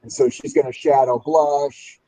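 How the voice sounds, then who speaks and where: Man, podcast guest, rambling plot recap, chuckles, mid-pitched voice. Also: steady tone, a little slow, dark tone, poor audio. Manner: rambling, chuckling, filler-heavy storytelling. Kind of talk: casual chat, recounting a comic's plot.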